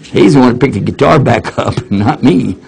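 A man's voice: medium pitch, moderate pace, vocal fry, poor audio. An older man giving a casual lecture and answering questions, telling folksy stories. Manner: folksy storytelling, animated quoting of others.

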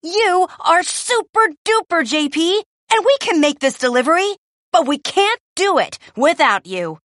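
A woman's voice: extremely high pitch, unhurried, no echo, studio quality, pitched above the performer's own voice, heavily acted. A woman voicing an eager, loyal young male penguin in a storybook, cheering his friend on. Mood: encouraging. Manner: excited, cheering.

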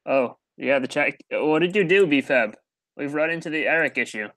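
A man with a bright, sharp voice hosts a livestream call, cracking teasing jokes at his guest while he fiddles with the settings. His pitch is ordinary. The sound is dry and close to the mic. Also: animated, moderate pace, no echo. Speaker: livestream host. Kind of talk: casual chat over a voice call.

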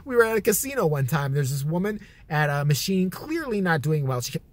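A man's voice: fairly high pitch, sing-song, fairly quick. A man vlogging, telling crude comic stories in a rambling, profane way that keeps correcting itself. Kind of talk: comic storytelling.

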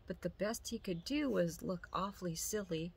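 A woman reading a children's story aloud slowly and gently. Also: fairly low pitch, creaky, breathy edge.

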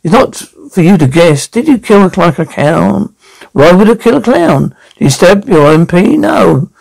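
Sing-song and exaggerated, this fairly low, gravelly, slightly mellow female voice moves at a measured pace. She's acting a brash, foul-mouthed old London nan in a TV sketch, mockingly taunting, heckling and name-calling everyone with rude cheek. The recording is low quality.

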